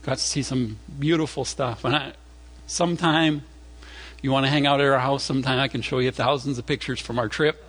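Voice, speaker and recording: A man preaching a sermon through an animated personal story, acting out voices along the way, chatty and full of fillers and restarts. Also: mid-range voice, brisk, a little hiss or hum. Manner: animated, acts out voices in stories. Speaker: pastor.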